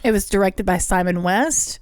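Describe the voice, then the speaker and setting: A woman's voice: medium pitch, moderate pace, smooth. A woman co-hosting a casual podcast chat, with a dry, wry sense of humor. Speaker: podcast co-host.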